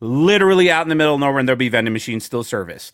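A man's voice: mid-range voice, lively intonation, very fast, a bit bright, no room sound, studio quality. A man co-hosting a casual podcast chat, joking and rambling, laughing often. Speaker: podcast co-host.

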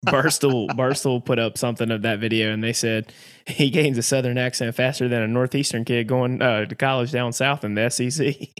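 A man's voice: mid-range voice, steady tone, a little fast, no echo, studio quality. A man hosting a sports podcast, chatting casually in a wry way and laughing easily. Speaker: podcast host.

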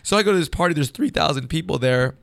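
Gravelly, fast-talking rambling guy. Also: fairly high pitch, animated, a bit bright, no room sound. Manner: rambling, profane, says dude a lot. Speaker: podcast guest, stand-up comedian. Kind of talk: casual storytelling chat.

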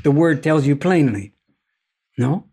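A man speaking as a podcast guest, talking in a deliberate, philosophical way and telling stories, often checking in with "you see?". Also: a little high, expressive, warm tone, breathy edge. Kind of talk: reflective conversational storytelling.

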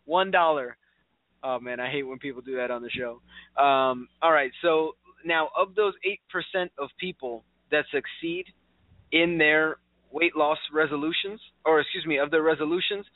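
A man's voice: on the high side, normal speed, no echo. A man hosting a radio talk show in a casual, chatty way, laughing easily and quizzing his co-host. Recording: tinny phone-like sound.

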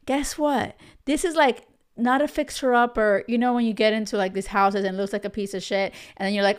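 A woman's voice: a little high, moderate pace, clean tone. A young adult woman hosting a dating podcast, talking emphatically and directly to her listeners in casual commentary. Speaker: podcast host and dating coach.

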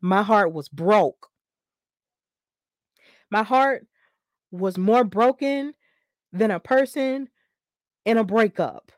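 A woman hosting a casual wrestling podcast, talking in an animated, emphatic way and repeating herself for weight. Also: medium pitch, slow, long pauses, dry recording, studio quality. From Alabama. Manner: animated, emphatic and repetitive, venting frustration. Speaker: podcast host.

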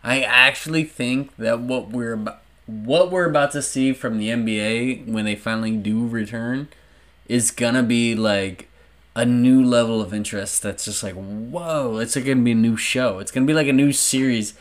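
A man talking as a podcast guest, rambling and animated, swearing freely. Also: medium pitch, moderate pace. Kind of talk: casual chat.

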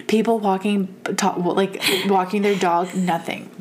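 A young woman telling a story in casual chat, animated and profane, laughing often. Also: medium pitch, unhurried.

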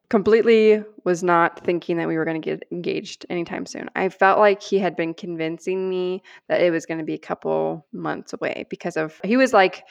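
A woman co-hosting a podcast, telling a personal story in an animated, earnest way and acting out the lines she quotes. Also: fairly low pitch, vocal fry. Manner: animated storyteller, acts out quoted prayers and dialogue; earnest and heartfelt. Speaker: podcast co-host.

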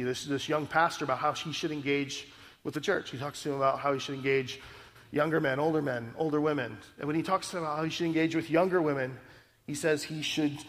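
A man's voice: on the high side, fairly bright tone, in a large hall. A male pastor preaching a sermon in an earnest, conversational way, often checking in with the congregation. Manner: earnest, conversational preaching with frequent "right?" asides.

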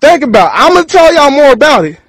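A man's voice: very high-pitched, big pitch swings, fast, fairly bright tone, dry recording, low-quality recording. A man from Texas, rambling through a profane freestyle rant to camera and laughing between thoughts.

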